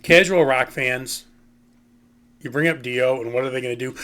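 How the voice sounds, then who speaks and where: A man of middle pitch rambles through a casual music commentary. His bright, forward voice stays opinionated and animated, and he leans on "you know" and "um" as he talks. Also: normal speed. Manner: says "you know" and "um" often. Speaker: host.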